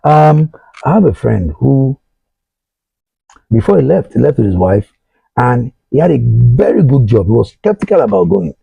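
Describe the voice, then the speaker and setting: Here a middle-aged Nigerian man hosts a talk show and earnestly advises his listeners, addressing them directly and repeating himself. His medium-pitched voice swings widely in pitch at a normal speed, with vocal fry, long pauses and slight roughness. The audio is dry and sounds like a phone line.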